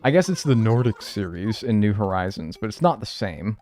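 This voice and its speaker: With a fairly low pitch and a slightly fast delivery, a man commentates his live gameplay, animated and freely profane while joking with his viewers.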